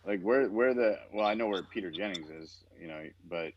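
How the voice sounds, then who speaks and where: A man's voice: low voice, moderate pace, highs cut off. A man co-hosting a podcast, rambling casually with lots of fillers and a dry sense of humor. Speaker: podcast co-host.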